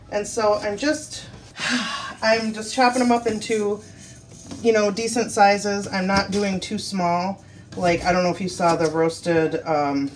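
A woman's voice: mid-range voice, slight background noise. A woman hosting a casual cooking vlog, chatting in a rambling way with fillers and asides. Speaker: cooking vlogger. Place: car, then home kitchen.

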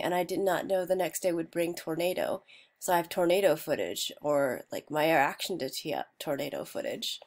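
A woman with a slightly low voice talks through her own vlog in a loose, rambling way. She pokes fun at herself as she goes and sometimes sinks to a soft near-whisper. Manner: self-mocking, rambling, laughs at herself. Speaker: video creator. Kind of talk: casual self-narrated vlog.

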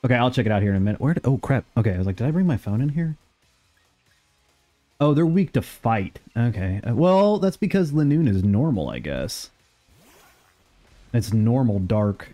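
A young man streaming a game and chatting casually, rambling along with sudden excited outbursts. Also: medium pitch, normal speed, long pauses, soft background music. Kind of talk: casual live gameplay commentary.

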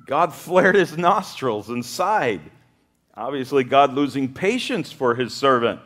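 A male pastor preaching a sermon, lively and humorous, acting out the voices of the people he quotes. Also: mid-range voice, a little slow.

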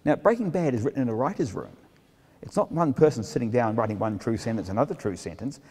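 A man's voice: medium pitch, expressive, fast, warm tone, husky. A middle-aged man, an author giving a humorous talk to an audience, self-mocking and full of asides. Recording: long hall reverb.

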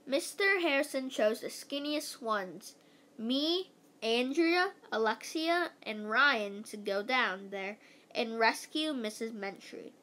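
A woman reading a children's book aloud in a halting way, stumbling and restarting words. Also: fairly high pitch, animated, pushed and bright. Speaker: reader.

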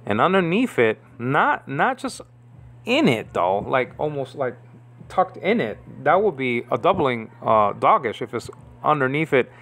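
A man's voice: medium pitch, very animated, unhurried, a bit bright. A man teaching biblical Hebrew in an informal lesson, stopping and starting, repeating words and checking in with "okay?". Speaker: Bible language teacher.

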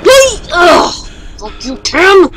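A young woman plays a horror game for her YouTube channel, panicking, cursing, and shrieking at whatever is chasing her. Her high voice has lively intonation and a slightly slow pace, heard over music with poor audio quality.

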